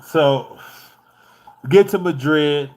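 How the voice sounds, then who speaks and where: A man's voice: a little high, drawn-out words, darkish tone. A man from the United States telling a travel story in a loose, profane, laid-back way, laughing as he goes. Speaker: vlogger.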